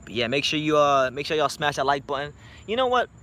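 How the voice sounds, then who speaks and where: A man's voice: a little high, sing-song, fast talker, fairly bright tone. A young man from South Florida, talking boxing in a blunt, profane, joking late-night vlog chat. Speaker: boxing YouTuber.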